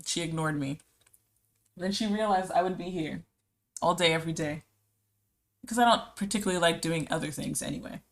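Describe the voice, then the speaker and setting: Chatty woman streamer, lowish voice. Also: fairly quick, creaky, pauses often. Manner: chatty, rambling, answers chat messages aloud. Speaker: art streamer. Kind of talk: casual chat while drawing live.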